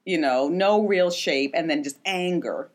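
A woman co-hosting a podcast in casual comedic chat, sardonic and animated, stretching out her words. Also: deep voice. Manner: animated, sardonic, drawn-out phrasing. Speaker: podcast co-host.

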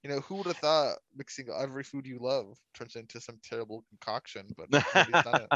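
A man's voice: medium pitch, a little fast, dry recording, muffled recording. Wry man in casual chat. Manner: relaxed, wry, chuckles at his own jokes. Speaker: podcast co-host.

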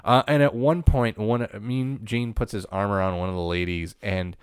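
A man co-hosting a casual wrestling recap podcast, relaxed and easygoing. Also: fairly low pitch, normal speed, smooth, no room sound, studio quality. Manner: relaxed, easygoing, uses fillers like uh and um. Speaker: podcast co-host.

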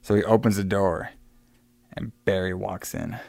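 A man co-hosting a casual podcast, retelling a film plot and acting out the characters' lines in quick bursts, swearing freely. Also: on the low side, little pitch movement, gravelly, darkish tone, no echo. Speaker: podcast co-host recapping a film. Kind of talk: casual chat.

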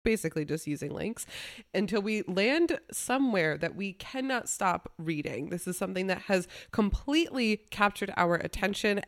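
A woman hosting a casual podcast, talking over a remote call and laughing often. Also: on the low side. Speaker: podcast host. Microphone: remote call mic.

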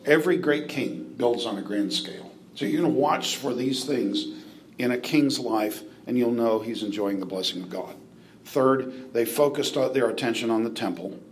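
A man's voice: mid-range voice, slight background noise. A man from the United States giving a classroom Bible lecture in a conversational way, with fillers, asides and questions to the class. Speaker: Bible teacher.

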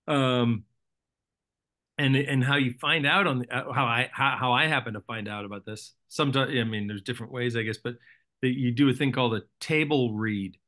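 A man's voice: medium pitch, moderate pace, sharp tone. A man, an actor guest in a casual interview, rambling through stories with self-deprecating jokes.

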